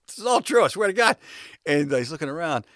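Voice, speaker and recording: Bright-voiced man telling a wild story. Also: a little high, sing-song, quick pace, no echo, clean studio sound. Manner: laughs often, swears, talks in bursts with restarts. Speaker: music video director. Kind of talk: casual anecdotal storytelling.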